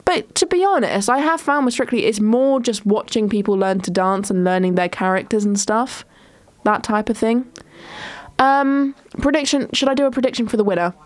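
A woman's voice: fairly high pitch, normal speed, no echo. Chatty young woman, dry sound. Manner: chatty, rambling, frequent ums and restarts. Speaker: podcast host. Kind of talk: casual solo chat.

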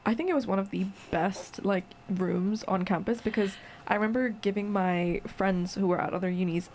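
A woman's voice: medium pitch, steady tone, normal speed, darkish tone, a little hiss or hum. A young woman co-hosting a casual chat, chatty and partly reading from prepared notes. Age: young adult. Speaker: podcast co-host.

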